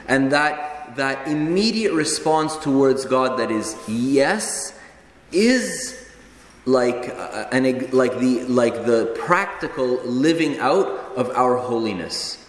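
A man in his thirties, a married priest, preaching a sermon in a conversational way with casual asides and restarts. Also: mid-range voice. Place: church. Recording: echoey church hall, faint ambience.

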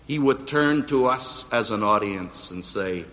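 A man preaching a sermon to a live audience, with dramatic emphasis that rises to near-shouts on quotes. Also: on the low side, expressive, measured pace, few pauses. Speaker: preacher and seminary professor. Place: auditorium before a live audience. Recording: hall reverb, radio broadcast.

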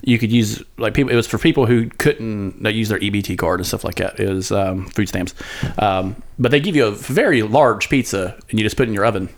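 A man's voice: on the low side, a little fast. A man in casual chat, laid-back and joking, often laughing at his own lines.

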